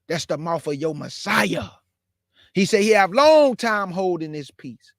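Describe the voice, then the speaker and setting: A man with a high-pitched voice preaches with fervent, repeated calls to his listeners. His sound is dry and close. He also prays aloud in a pleading way. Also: animated, measured pace, gravelly, a bit bright, no echo. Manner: fervent, repetitive exhortation. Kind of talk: sermon closing with prayer.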